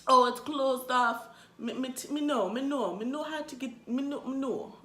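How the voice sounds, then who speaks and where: A woman's voice: high-pitched, moderate pace, a bit bright, echoey room, pitched above the performer's own voice. A woman putting on a stammering Jamaican cab driver. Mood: flustered. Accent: put-on Jamaican. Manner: stammering, repeats "me know". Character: man, a bumbling unlicensed cab driver.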